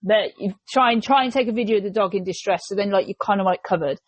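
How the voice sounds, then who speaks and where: English woman host, casual podcast chat, animated and talkative, dry close sound. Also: mid-range voice, quick pace, no room sound. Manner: chatty, animated, jumps into quoted voices.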